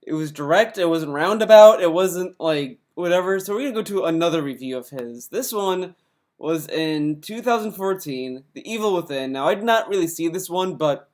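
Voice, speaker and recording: A man's voice: fairly high pitch, animated, normal speed. A man giving casual reaction commentary on clips he plays, rambling and restarting his sentences. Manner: rambling, many restarts and fillers. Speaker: commentary youtuber.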